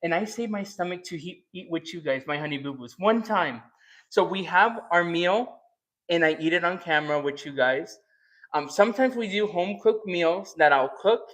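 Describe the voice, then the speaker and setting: A man chatting casually while he cooks on camera, thinking out loud and teasing his viewers. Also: sits high. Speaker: cooking and eating vlogger. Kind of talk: casual chat while cooking.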